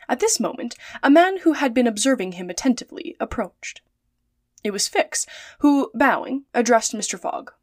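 A woman narrating a classic adventure novel in a calm, measured read-aloud. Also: a little high, no room sound, studio quality. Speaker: storyteller.

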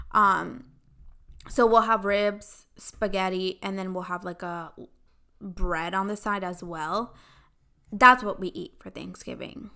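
Young female podcast host, casual solo chat, dramatic and animated storyteller, mid-pitched. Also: gravelly. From Mexican-American family.

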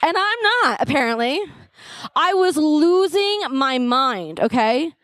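A woman's voice: sits high, big pitch swings, slow, fairly bright tone, dry recording. An American woman in her thirties telling a comic, self-deprecating story to an audience as a conference speaker. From United States. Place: live event stage.

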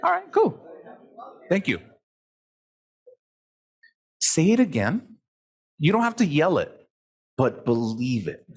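Husky, high-voiced, profane seminar speaker. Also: male voice, slow pace, long pauses. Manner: profane, blunt, animated. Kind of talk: live seminar talk to an audience. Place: seminar hall with a live audience. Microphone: handheld microphone.

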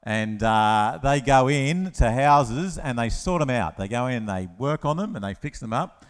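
A man preaching a lively children's-talk sermon, telling the story with playful asides and acted-out voices. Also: mid-range voice, moderate pace, clear, resonant tone. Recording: long hall reverb.

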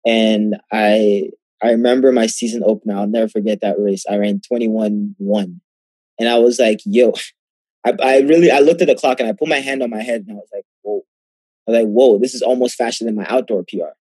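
A man's voice: on the low side, a little fast, no echo. A young man, a guest athlete, tells his story in a casual interview, acting out the exchanges he quotes. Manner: animated, acts out quoted exchanges.

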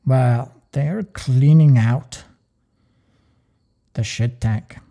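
A gruff old German sea captain with a German accent, put on by a man, barking short clipped orders. The voice sits low and dark with a gravelly edge. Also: drawn-out words. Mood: curt. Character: gruff older male German ship captain, curt.

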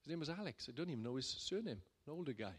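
A man, a pastor, telling a personal story in a sermon in a chatty way that builds to loud, emphatic bursts. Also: a little high, expressive, very fast, breathy edge. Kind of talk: sermon testimony.

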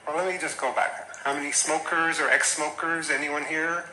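A man's voice: fairly high pitch, steady tone, normal speed, reverberant, noisy background. A man teaching a class on health coaching in a casual, chatty lecture style, full of asides. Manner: conversational, chatty with asides and mimicked quotes.

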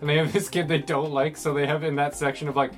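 A man in casual conversation, reacting quickly and making jokes. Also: fairly high pitch, little pitch movement, soft background music. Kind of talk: casual chat.

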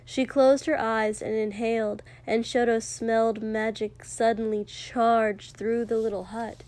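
Slow, measured woman reading a story. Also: a little high, flat delivery, darkish tone. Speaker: narrator. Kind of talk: audiobook fiction reading.

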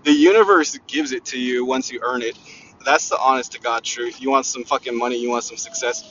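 A man's voice: mid-range voice, a little fast, a bit bright, a little hiss or hum. Profane, brash man rambling on a podcast. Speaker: podcast host. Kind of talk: rambling solo motivational podcast. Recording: dull lo-fi recording.

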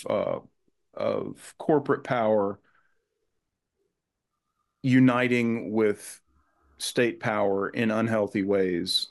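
Earnest man thinking aloud. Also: on the low side. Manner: earnest and thoughtful, with frequent restarts. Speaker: guest author. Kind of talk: conversational podcast interview.

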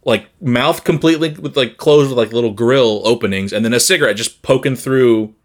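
A man co-hosting a podcast in casual chat, animated, laughing and swearing freely. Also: mid-range voice, brisk. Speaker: podcast co-host.

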